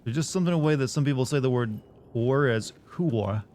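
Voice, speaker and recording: A man's voice: mid-range voice, fast, darkish tone. A man casually commenting as he plays a game on stream, rambling and cracking crude jokes to his chat.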